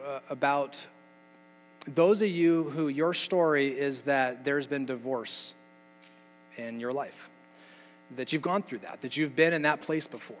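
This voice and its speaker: A man preaching a sermon to his congregation, earnest and halting, often repeating himself and dropping to a hush. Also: a little high. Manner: earnest, halting with restarts, softens to near-whispers. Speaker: pastor. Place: church sanctuary. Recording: long hall reverb with mains hum.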